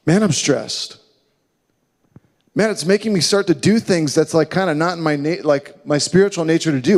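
A man preaching a sermon, earnest and emphatic, slowing down and dropping to a hush when he quotes scripture. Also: a little high. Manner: earnest, emphatic preaching with slow dramatic drops to hushed quotes. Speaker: pastor. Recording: long hall reverb.

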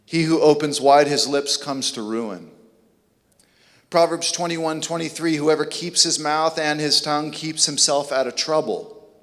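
A man's voice: fairly high pitch, unhurried, fairly bright tone, big-room sound. A man preaching a sermon, emphatic and repeating key words for effect.

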